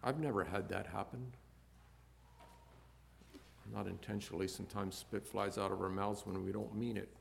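Gravelly-voiced man preaching with swelling intensity. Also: steady tone, moderate pace, long pauses, a little hiss or hum. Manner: swings from quiet low musing to loud impassioned emphasis; reads scripture aloud in King James wording. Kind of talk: sermon.

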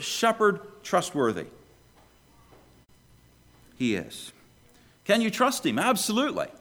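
Male preacher, sermon delivery, animated pitch, loud pleas dropping to hushed lows. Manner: animated preaching, swings between loud questions and hushed low lines. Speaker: pastor.

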